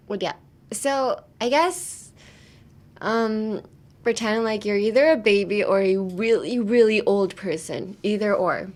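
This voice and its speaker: A woman's voice: medium pitch, slow, long pauses, a bit bright. A young woman hosting a casual podcast, chatting and teaching English pronunciation, laughing often. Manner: giggly, chatty, lots of "like" and laughter. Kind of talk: casual chat and pronunciation lesson.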